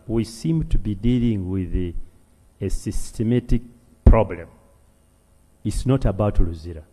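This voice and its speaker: A man's voice: fairly low pitch, warm tone. A man with a Ugandan English accent addressing parliament, speaking with mounting, emphatic outrage. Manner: impassioned, rising to emphatic outrage. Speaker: legislator. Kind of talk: parliamentary speech. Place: parliament chamber. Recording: long reverb of a large chamber.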